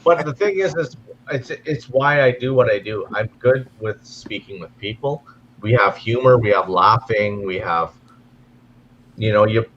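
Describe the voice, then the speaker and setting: Canadian man, low-pitched, rambling casual chat, stammers, dull lo-fi sound, faint hiss. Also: measured pace, fairly bright tone. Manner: rambling, stammers and repeats himself. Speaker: guest in a live stream chat.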